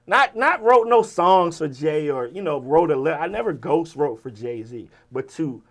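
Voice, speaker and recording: A man's voice: a little high, expressive, measured pace, a bit bright. A middle-aged man, a rapper telling stories in a casual interview, swearing freely and acting out the people he quotes. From Virginia. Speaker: rapper and writer, interview guest.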